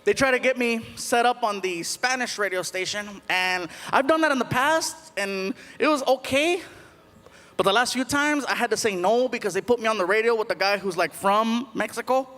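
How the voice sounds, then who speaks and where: High-voiced man doing stand-up. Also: normal speed, in a large hall. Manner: animated, puts on loud shouty Spanish-speaking voices. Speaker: stand-up comedian. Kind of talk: stand-up comedy routine. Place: large theater stage with a live audience. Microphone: stage microphone. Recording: live theater show with loud crowd noise.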